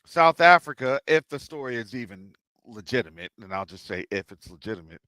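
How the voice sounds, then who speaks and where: A man's voice: mid-range voice, lively intonation, fairly quick, bright, forceful tone, dry recording. A man hosting a discussion show, giving political commentary with a run of rhetorical questions. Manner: rhetorical, repeats questions, drops into asides. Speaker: show host.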